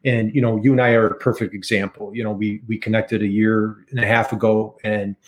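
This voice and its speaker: A man's voice: lowish voice, flat delivery, brisk. A middle-aged man with an American accent, a podcast guest chatting eagerly and repeating key figures for emphasis. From United States. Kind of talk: casual interview chat.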